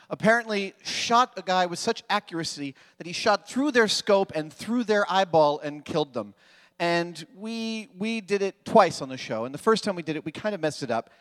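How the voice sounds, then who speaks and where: A man with a high-pitched, somewhat bright voice entertains a live fan convention crowd from the stage, spinning playful, joking stories in quick bursts. The recording reflects a reverberant live hall.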